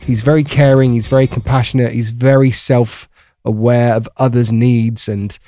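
A man co-hosting a podcast from a bedroom at home, chatting casually and telling stories with lively pitch jumps. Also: moderate pace, no room sound. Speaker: podcast co-host. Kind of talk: casual chat.

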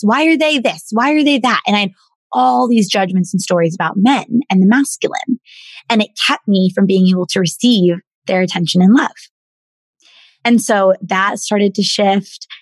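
A woman at middle pitch speaks as a coach in a podcast interview, telling her own story. She talks in an earnest, animated way, often restarting and repeating words. The sound is dry and close to the mic. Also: no room sound. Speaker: guest, women's coach. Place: in Bali.

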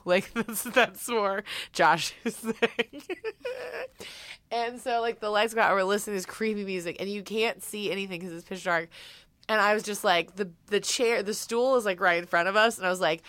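A woman telling a story in casual chat, animated, swearing and quoting people as she goes. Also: mid-range voice, moderate pace, no room sound.

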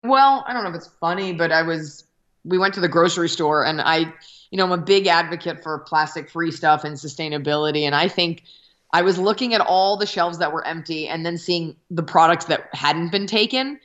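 A woman comedian chatting as a remote guest, wry and self-deprecating, with hesitant fillers between jokes. Her voice sits on the low side. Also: brisk, a bit bright, lo-fi sound. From Texas. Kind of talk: casual interview over a remote call.

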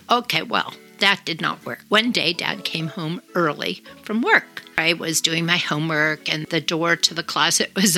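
A woman host telling a childhood story on a podcast in a lively, expressive way, now and then dropping to a whisper for asides. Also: fairly low pitch, moderate pace, hardly any pauses, soft background music, poor audio. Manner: animated, acts out voices and sounds, drops to whispers for asides.

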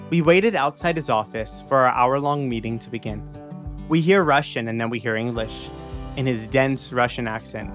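Young man hosting over soft music. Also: medium pitch, normal speed. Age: young adult. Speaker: podcast host. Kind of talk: scripted narration and interview questions.

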